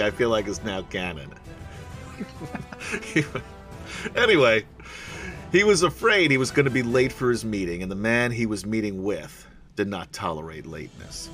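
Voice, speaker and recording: A man's voice: low-pitched, fairly bright tone. A man running a tabletop fantasy game as game master, narrating and joking at his own expense. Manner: jokey, self-deprecating, many fillers.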